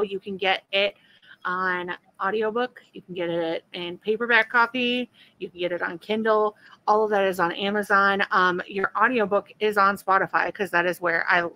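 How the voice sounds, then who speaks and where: A woman's voice: medium pitch, bright, forceful tone, rough recording. A woman hosting a podcast, chatty and enthusiastic, promoting her guest's books. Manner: enthusiastic, chatty, quick to laugh. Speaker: podcast host. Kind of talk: casual chat.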